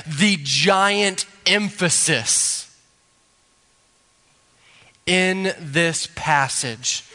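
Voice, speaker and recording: A male pastor, preaching a sermon slowly and deliberately, building to emphatic rises. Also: high voice, bright, forceful tone. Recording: long hall reverb.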